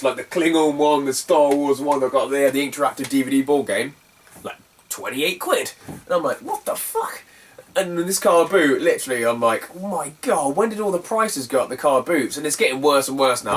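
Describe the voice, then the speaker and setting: A man's voice: medium pitch, fairly quick, far from the mic. A man telling a story casually to camera, chatty and sweary with lots of fillers. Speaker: retro game collector vlogger.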